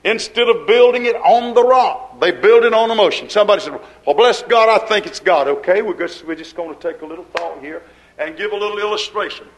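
A man preaching a sermon as pastor. He speaks fervently in folksy grammar, asks rhetorical questions, and swings between loud and hushed. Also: high-pitched, fast, rough recording.

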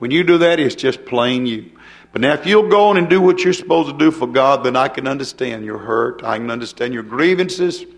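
A man's voice: medium pitch, lively intonation, brisk. An older man preaching a folksy sermon, chuckling and turning to the congregation with asides.

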